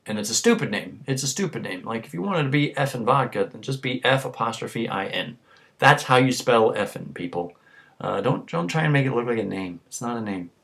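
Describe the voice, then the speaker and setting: A man's voice: mid-range voice, fairly bright tone. Tipsy man ranting profanely. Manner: crude, ranting, swears constantly. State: tipsy from drinking. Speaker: vlogger. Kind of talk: rambling profane monologue to camera.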